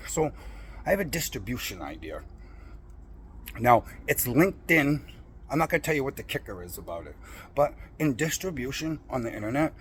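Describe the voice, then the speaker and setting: In a recording with slight hiss or hum, a middle-aged man vlogs a personal rant in a mid-range voice. He's blunt and swears freely, defiantly bragging about the principles he holds.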